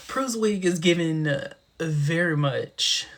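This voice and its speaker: A man hosting a casual live stream, talking in a sassy, chatty way with a big booming laugh. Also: slight background noise. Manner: sassy, chatty, drawn-out expressive delivery.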